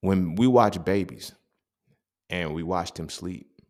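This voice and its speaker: A deep-voiced young man holds forth on his podcast in a loose, unscripted monologue. His talk is animated and streetwise, heavy with slang and profanity. He sounds like he's explaining something he lived through to a friend. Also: slow. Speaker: podcast host. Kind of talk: casual monologue.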